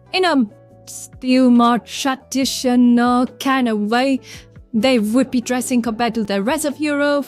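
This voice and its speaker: A woman with a Vietnamese accent chatting casually on a livestream, rambling and greeting viewers from chat by name. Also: sits high. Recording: faint background music.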